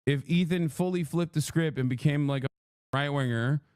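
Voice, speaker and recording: A man's voice: a little high, moderate pace, a little mellow, smooth, dry recording, studio quality. A man livestreaming a heated, profane rant. He keeps mocking his critics with sarcastic impressions. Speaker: political livestreamer. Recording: played clip inside a reaction stream.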